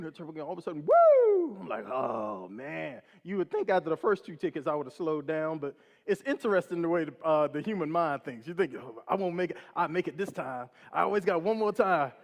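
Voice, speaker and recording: A man in his forties telling a personal story on stage in an animated way, laughing at his own tale. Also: a little high. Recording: long hall reverb.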